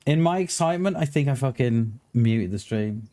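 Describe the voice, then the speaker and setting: A man live-streaming a game, chatting excitedly with viewers, swearing casually and stumbling over his words. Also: mid-range voice, normal speed. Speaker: livestreamer. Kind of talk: casual live-stream chat while gaming.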